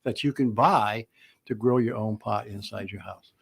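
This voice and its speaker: A man's voice: lowish voice, moderate pace, creaky, slightly rough. A man on a casual talk show, earnestly explaining the rules and repeating his points.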